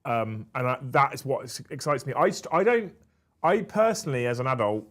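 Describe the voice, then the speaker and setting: A man's voice: mid-range voice, lively intonation, a little fast. A man from England co-hosting a casual livestream, reading out chat messages with a brash, teasing manner and frequent swearing. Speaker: co-host reading live chat.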